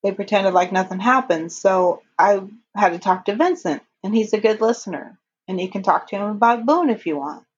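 A woman's voice: medium pitch, moderate pace, dull audio, a little hiss or hum, close to an everyday voice. A woman reading out a grieving young boy's earnest lines in casual chat. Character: grieving young boy offering his dog.

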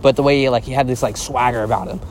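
Man, podcast host, casual rambling recap, lots of swearing, gushing, medium pitch, faint vehicle rumble behind. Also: fast. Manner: rambling and profane, heavy use of filler words; excitable, gushing.

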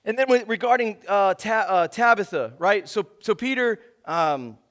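Young male pastor, relaxed slangy sermon delivery, high-pitched for a man. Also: normal speed. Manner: casual preacher slang, says man and bro.

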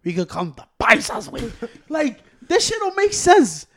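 A man co-hosting a casual podcast, talking loud and animated with a swearing, joking manner. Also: extremely high pitch, normal speed. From Mexico. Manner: loud, animated, mixes in Spanish slang. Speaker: podcast co-host. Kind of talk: casual profane chat.

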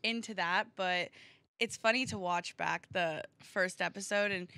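A young woman chats casually with a bright, forward tone. She reads comments aloud and banters, recorded close and dry on a studio mic. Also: fairly low pitch, unhurried, no echo. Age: young adult. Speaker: podcast co-host. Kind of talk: casual chat.

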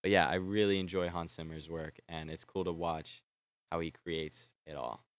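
A young man vlogging in a casual, rambling way, excitable and swearing freely as he trails off and restarts his sentences. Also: deep voice, normal speed, no room sound. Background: faint film score playing.

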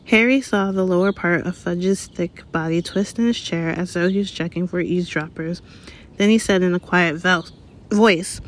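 Lady reading a storybook chapter out loud, calm and measured. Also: lowish voice. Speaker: reader. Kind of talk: read-aloud audiobook narration.

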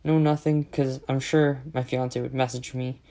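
A man's voice: medium pitch, flat delivery, normal speed, mellow. Exasperated swearing man ranting. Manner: exasperated, sarcastic, heavy swearing. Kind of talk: casual profane rant.

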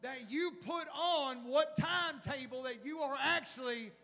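A middle-aged man and pastor preaching a sermon, animated and full of rhetorical questions. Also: very high voice, measured pace, vocal fry. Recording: long hall reverb.

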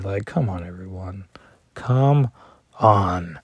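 A man's voice: low-pitched, normal speed, husky, no room sound, clean studio sound. A man chatting through a comic issue page by page, filling the talk with "like" and self-deprecating asides. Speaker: comic book vlogger. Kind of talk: casual comic reading and commentary.

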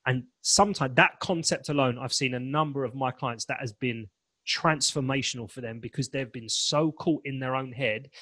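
A man's voice: mid-range voice, moderate pace, bright, forceful tone. A man being interviewed as a confidence coach, talking emphatically and acting out snippets of inner dialogue. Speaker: guest, confidence and presentation coach. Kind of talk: animated podcast interview.

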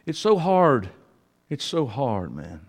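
A man preaching a sermon, swinging from loud preaching to hushed confiding asides in a church sanctuary. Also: mid-range voice, wildly swooping pitch, takes it slowly. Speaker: pastor. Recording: long hall reverb.

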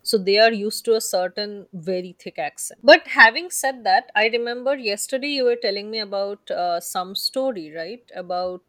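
A young woman with an Indian accent co-hosting a podcast, chatting frankly and relaxed. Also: medium pitch, moderate pace, hardly any pauses, dry recording. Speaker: podcast co-host. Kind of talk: casual podcast chat.

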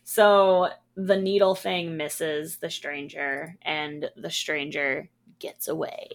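A woman co-hosting a movie podcast, chiming in with dry, quick asides and plot notes. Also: low voice, steady tone, vocal fry. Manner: dry quick interjections, laughs along. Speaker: podcast co-host. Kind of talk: casual comedic movie chat.

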